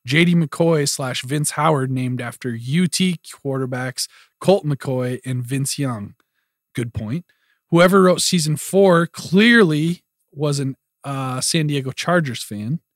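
A man co-hosting a podcast, reading listener tweets aloud in a relaxed, unhurried way. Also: on the high side, dry recording, studio quality. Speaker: podcast co-host. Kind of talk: casual podcast chat.

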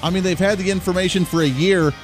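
A man's voice: high voice, steady tone, fast, soft background music. A man hosting a political talk radio show in a casual, sarcastic way, laughing at his own jokes.

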